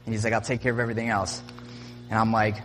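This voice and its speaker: A man's voice: lowish voice, flat delivery, quick pace, a bit bright, slight background noise. A young man telling a personal story in a casual, rambling way, filling it with "like" and acted-out quotes. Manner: rambling, full of "like" and "I'm like" quotes. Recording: long reverb.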